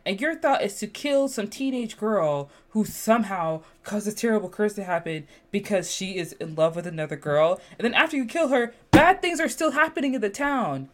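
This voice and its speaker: A woman with a mid-range voice hosts a casual podcast chat. She talks with sass, and her pitch leaps high whenever she exclaims. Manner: animated, sassy, jumps high when exclaiming. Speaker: podcast host.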